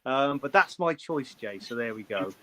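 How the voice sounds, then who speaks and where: A man's voice: medium pitch, lively intonation, moderate pace, pushed and bright. A man speaking as a guest on a video-call livestream, hesitant, with many fillers. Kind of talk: casual chat on a livestream.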